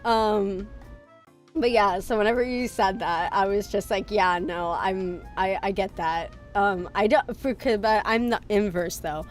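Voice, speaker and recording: A young adult woman, a VTuber, chats casually on her stream in a medium-pitched voice at a moderate pace. She rambles, using lots of fillers and laughing at herself, while faint music plays behind her.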